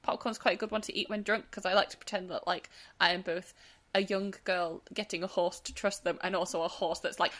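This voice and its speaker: A woman's voice: lowish voice, fairly quick. A woman, a podcast co-host chatting casually about a book and acting out bits she quotes. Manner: chatty, animated, acts out quotes. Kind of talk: casual book club chat.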